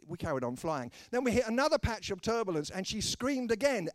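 A British man preaching with a bright, swooping voice that climbs and dips as he slips into the voices of people in his stories. His humor is dry and self-mocking. The sound is close and dry, with no room around it. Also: high-pitched, lively intonation, a little fast, no echo. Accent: British English. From Britain. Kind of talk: humorous sermon with acted anecdotes.

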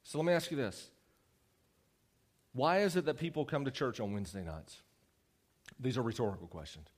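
A young man preaching a conversational sermon, animated and teasing his listeners. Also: medium pitch, brisk. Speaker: youth preacher.

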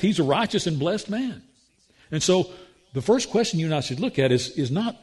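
A man's voice: fairly high pitch, expressive, normal speed, a little mellow, breathy edge. A man preaching a sermon as pastor, earnest, with frequent restarts and rhetorical questions.

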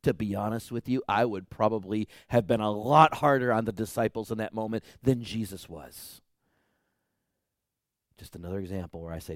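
Animated male pastor preaching. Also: medium pitch, normal speed, dry recording, studio quality. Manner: animated preaching, swinging from hushed to loud pleading. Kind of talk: sermon.

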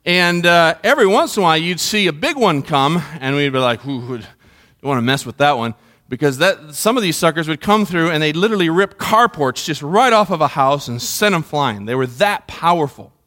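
A middle-aged pastor giving a sermon from a church stage, chatty and asking the congregation questions. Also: male voice, on the high side, lively intonation, brisk, hardly any pauses, sharp tone. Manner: conversational, asks the congregation questions.

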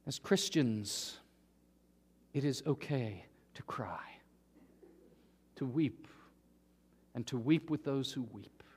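A man preaching a sermon, earnest, dropping to a hush and then rising to emphatic peaks. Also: medium pitch, slow, long pauses, breathy edge. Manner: earnest, swings from hushed to emphatic. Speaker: pastor. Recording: long hall reverb.

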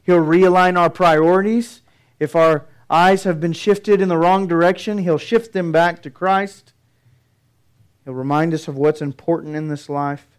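A man's voice: fairly high pitch, steady tone, measured pace, clean tone. A middle-aged male pastor preaching a sermon, earnest and building emphasis through his points.

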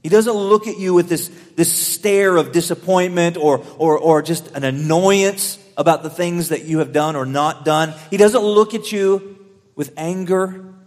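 A young man preaching a sermon, earnest, swelling louder on key lines and dropping softer while telling stories. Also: on the high side, a little slow. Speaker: pastor. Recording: long hall reverb.

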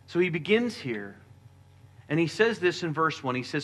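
A man delivering a sermon with a bright, forceful voice pitched a little high. He preaches earnestly and drops lower and softer when reading scripture. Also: very animated, moderate pace. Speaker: pastor.

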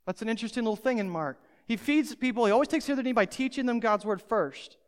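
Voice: medium pitch, fast talker, clean tone. A pastor preaching a sermon, speaking emphatically and straight to the listeners. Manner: emphatic, addresses listeners directly. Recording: long hall reverb.

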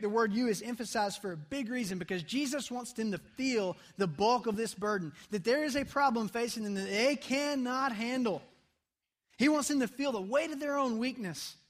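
A man preaching a sermon as pastor in a church, conversational, dropping to soft intense tones for emphasis. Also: high-pitched. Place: church sanctuary.

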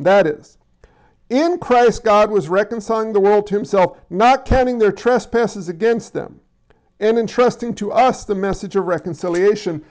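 A pastor preaches in a high voice, speaking straight to his congregation in a casual, conversational way. He often stumbles and restarts his words. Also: moderate pace, a little mellow. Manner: frequent stammered restarts. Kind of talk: sermon.

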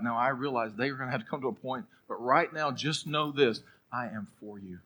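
A man preaching a sermon as pastor, telling a story, then swinging between loud urging and a hushed, prayerful hush. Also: mid-range voice, quick pace, a little hiss or hum, poor audio.

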